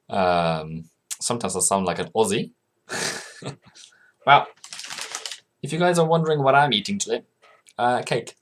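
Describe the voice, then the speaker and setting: A man talks viewers through trading charts in a loose, casual commentary. His pitch swings widely as he poses questions and answers them himself, and he chats with viewers, calling them "mate". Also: lively intonation, unhurried, pauses often. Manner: chatty, coaxes viewers as "mate". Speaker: forex trading channel host.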